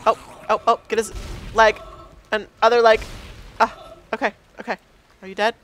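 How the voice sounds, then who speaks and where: A woman's voice: fairly high pitch, flat delivery, normal speed, a bit bright, a little hiss or hum. A woman playing a horror game and commenting casually, nervous and self-mocking, talking to the game. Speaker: let's play gamer.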